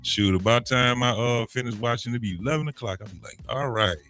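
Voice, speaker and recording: A man hosting a casual podcast panel, voice bright and forward at an everyday pitch. He rambles in loose, profane banter and chuckles between thoughts. Faint music plays underneath. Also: brisk. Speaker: podcast host.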